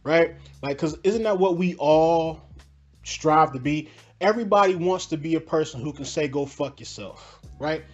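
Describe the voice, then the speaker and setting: A man hosting a podcast, pausing clips to react in casual, slangy talk and pressing rhetorical questions again and again. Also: fairly high pitch, muffled recording, faint music behind. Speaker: podcast host.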